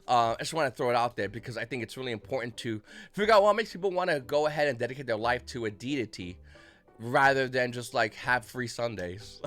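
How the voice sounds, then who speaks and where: A man's voice: medium pitch, lively intonation, brisk, a bit bright, faint music behind. A man in his thirties, hosting a card game channel, rambles and rants casually with lots of swearing and mocking asides. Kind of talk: casual rant to camera.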